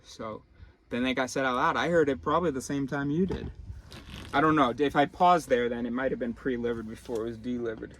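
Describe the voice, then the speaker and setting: A man's voice: mid-range voice, steady tone, a little fast, fairly bright tone, a little hiss or hum. A man vlogging in a casual monologue, rambling off on tangents and cutting himself off mid-phrase. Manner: rambling, self-interrupting, tangential.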